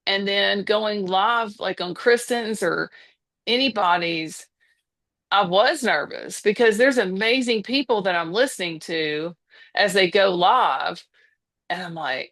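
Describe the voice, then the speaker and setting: Southern woman in her fifties, halting. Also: medium pitch, a bit bright. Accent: Southern American. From Southern United States. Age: 50s. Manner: hesitant, many restarts and fillers. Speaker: podcast guest. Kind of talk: casual conversation.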